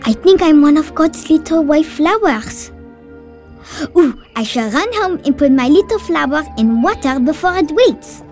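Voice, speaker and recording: Woman playing an impulsive, devout little girl of nine, high and bright. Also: faint music behind. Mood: eager. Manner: bright, excitable, quick to tears. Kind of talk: audio drama acting.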